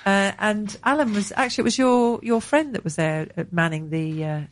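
A woman with an Essex accent hosting a casual chat, brisk and full of questions. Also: mid-range voice.

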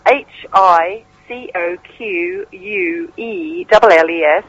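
Playful, cheeky male on-location reporter with a high voice; the sound is muffled, like a phone line. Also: very animated, takes it slowly, vocal fry, fairly bright tone, no echo. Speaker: radio co-host on location. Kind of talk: casual live radio banter.

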